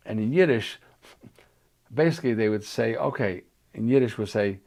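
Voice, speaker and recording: Gravelly older man reminiscing. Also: medium pitch, expressive, fairly quick, darkish tone. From New York. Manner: reminiscing, with frequent restarts and fillers. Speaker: interviewee. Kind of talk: oral history interview.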